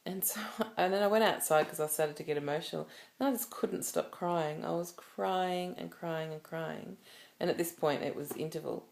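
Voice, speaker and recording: Low gravelly-voiced woman vlogging. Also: normal speed, darkish tone. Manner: rambling, emotional storytelling with restarts. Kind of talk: casual personal vlog.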